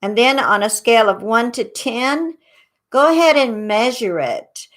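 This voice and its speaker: A woman hosting a psychic advice show, guiding listeners through a tapping meditation with slow, soothing instructions. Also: a little high, lively intonation, a bit bright.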